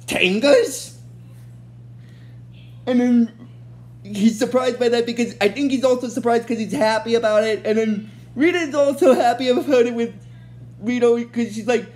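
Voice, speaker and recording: A woman's voice: fairly high pitch, warm tone. A woman casually recapping a TV episode in a rambling way, full of fillers and restarts. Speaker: show recap host.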